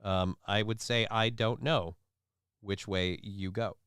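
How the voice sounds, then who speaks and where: A man's voice: fairly low pitch, fairly even intonation, slow pace, a bit bright, clear, resonant tone, no room sound, studio quality. A man hosting a casual live stream, reading viewer comments and news stories aloud with sarcastic, offhand remarks. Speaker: livestream show host.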